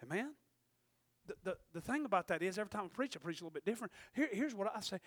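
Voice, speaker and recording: A man preaching a folksy sermon, dropping to hushed asides and rising to shouted peaks. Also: sits high, animated, very fast, dry recording, clean studio sound.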